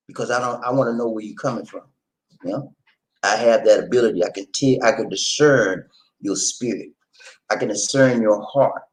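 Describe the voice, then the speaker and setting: A middle-aged man hosting his vlog at home, telling stories in a folksy, animated way and talking straight to his viewers. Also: on the low side, moderate pace, rough recording. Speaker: vlog host. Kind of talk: casual storytelling chat to camera. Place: home in the Philippines.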